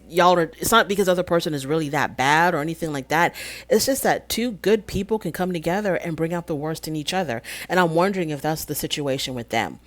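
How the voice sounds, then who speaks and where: A woman hosting her own channel, recapping and reviewing a reality show episode in a chatty, opinionated way with lots of "you know" fillers. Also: deep voice.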